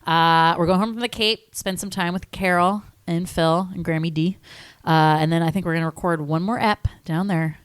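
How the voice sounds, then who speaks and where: A woman's voice: lowish voice, steady tone, moderate pace, clean tone, no echo. A young woman co-hosting a podcast, chatting casually and laughing, with lots of "like" in her talk. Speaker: podcast co-host. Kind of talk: casual chat.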